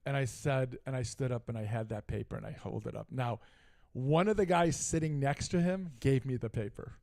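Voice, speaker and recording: On a laid-back sports talk show, a middle-aged co-host gets fired up recounting a story, veering into asides again and again. He has a gravelly voice of medium pitch and speaks at a normal speed.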